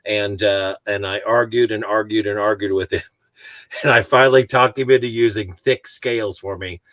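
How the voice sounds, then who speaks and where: A man with a fairly low voice, recorded dry and close, hosting a casual podcast. He tells chatty, teasing stories at an easy pace. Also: steady tone, normal speed, fairly bright tone, no echo. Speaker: podcast host. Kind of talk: casual podcast chat, storytelling.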